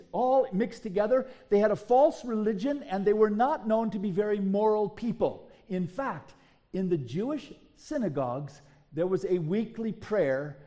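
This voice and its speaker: A man preaching a sermon as pastor, telling a story in an animated way and asking the congregation rhetorical questions. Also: high-pitched.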